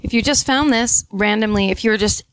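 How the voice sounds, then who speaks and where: A woman's voice: on the high side, brisk, clear, resonant tone, no room sound. Joking woman co-host in casual chat. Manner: joking, playful banter. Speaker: podcast co-host.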